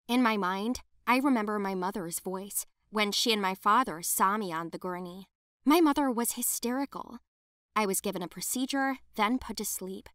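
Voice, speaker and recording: A woman narrating a first-person animated story in an emotional, dramatic way. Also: medium pitch, dry recording, clean studio sound.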